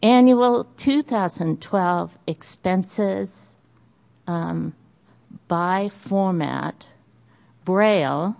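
A woman's voice: on the low side, extremely slow, vocal fry, darkish tone. A woman with a Boston accent carefully reading budget figures aloud at a meeting, with small hesitations.

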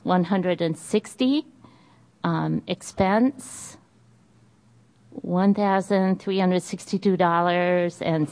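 A woman's voice: mid-range voice, a little mellow. A woman with a Boston accent carefully reading budget figures aloud at a meeting, with small hesitations.

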